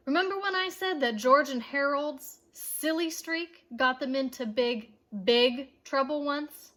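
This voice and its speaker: A woman reading a children's chapter book aloud, with expressive, playful storytelling and asides to her listeners. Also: sits high, unhurried, few pauses.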